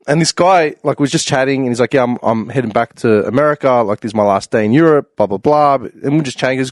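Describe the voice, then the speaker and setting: Fast-talking man telling a rambling story. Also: medium pitch, dry recording, clean studio sound. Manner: rambling, animated storyteller full of fillers. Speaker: podcast panelist. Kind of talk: casual storytelling chat.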